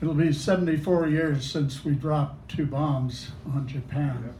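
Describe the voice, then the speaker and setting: A man reading his poetry at a cafe open mic, deliberate and wry. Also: on the high side, fairly even intonation, background noise. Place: small cafe. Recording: echoey cafe room.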